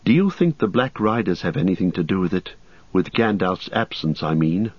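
An anxious young hobbit, as a man puts him on, raised in pitch, with eager, searching questions. The voice stays husky and the recording a little dull. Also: lively intonation, normal speed. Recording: slightly muffled recording.

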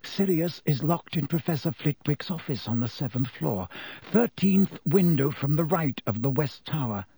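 A man doing Dumbledore, slow grave old wizard. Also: on the high side, expressive, no room sound. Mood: instructing. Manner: slow, quiet and very clear. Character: old wise calm male headmaster wizard. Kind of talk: audiobook character voice.

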